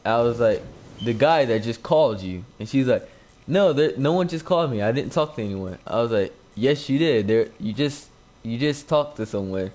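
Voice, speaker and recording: Streaming live from home as he games, a young gaming YouTuber spins a casual, rambling tale into a new desk microphone, packing it with "like" and acting out what people said. He talks at a moderate pace in a medium-pitched voice with a slightly dark tone.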